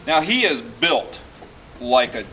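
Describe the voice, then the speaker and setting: A man working as a horse trainer, explaining each step calmly and soothing the animal with repeated praise as he works in an outdoor pen. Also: medium pitch, slow, far from the mic, poor audio. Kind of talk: instructional commentary while working. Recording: outdoors with loud insect noise.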